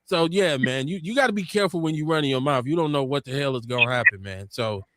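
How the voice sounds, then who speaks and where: A man hosting a casual podcast talk show, telling stories with lively quoted voices. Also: medium pitch, fast, heavy background noise. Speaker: podcast host. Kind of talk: casual chat.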